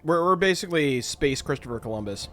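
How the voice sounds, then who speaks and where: A man's voice: fairly high pitch, animated, brisk, fairly bright tone. Rambling, joking man streaming a game. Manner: rambling, joking explanatory asides. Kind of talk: casual live-stream chat.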